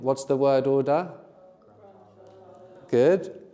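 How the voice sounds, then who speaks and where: A middle-aged man teaching a live workshop, encouraging the learners and often checking in with a quick "no?". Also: mid-range voice, dark tone, long reverb tail. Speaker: language teacher.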